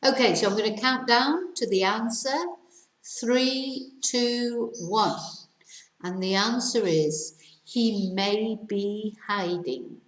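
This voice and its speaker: A British woman teaching English, reading quiz sentences aloud slowly and carefully with countdowns. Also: on the high side, echoey room, poor audio. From Britain. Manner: careful slow dictation with countdowns.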